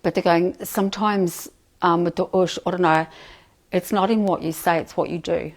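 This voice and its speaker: A woman's voice: on the low side, measured pace. Woman chanting syllables, then chatting plainly. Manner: alternates flowing invented-sounding chant syllables with chatty plain explanation; relays messages with frequent "like" and "they're going". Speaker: channeler. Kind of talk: live channeling session.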